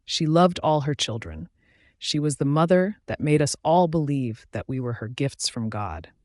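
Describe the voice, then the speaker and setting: A man's voice: a little high, animated, normal speed, a little mellow, dry recording, clean studio sound, close to an everyday voice. A man playing a cold, grieving husband.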